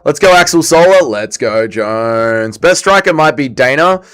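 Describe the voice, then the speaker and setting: Excitable Welsh man streaming fight commentary. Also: mid-range voice, a little slow, clear, resonant tone. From Wales. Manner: excitable, chatty, reads chat aloud. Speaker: livestream host. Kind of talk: casual livestream watch-along commentary.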